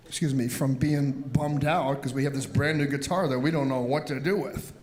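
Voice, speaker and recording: An older man from the Cleveland area recalls his early days as a musician. He talks in a relaxed interview style and acts out what people said as he goes. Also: medium pitch, moderate pace. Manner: animated storyteller, acts out quotes. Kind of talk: storytelling interview.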